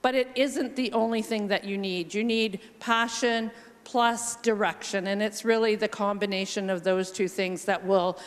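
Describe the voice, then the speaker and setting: A woman with a Canadian accent answering on a conference panel, thoughtful and measured with frequent pauses. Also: medium pitch, fairly even intonation. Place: large conference hall. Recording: long hall reverb.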